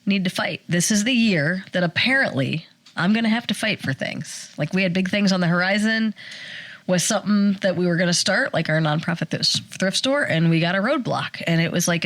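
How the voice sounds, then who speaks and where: A woman in her forties, a podcast co-host telling a personal story in casual chat, animated and acting out the quotes. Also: on the low side, no echo. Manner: animated storyteller, acts out quotes, fast bursts.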